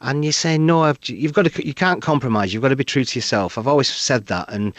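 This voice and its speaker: A man's voice: mid-range voice, fast, no room sound. A middle-aged man with a Northern English accent, a comedian telling anecdotes in a radio interview. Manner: animated, acts out quoted voices. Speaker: comedian guest. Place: radio studio.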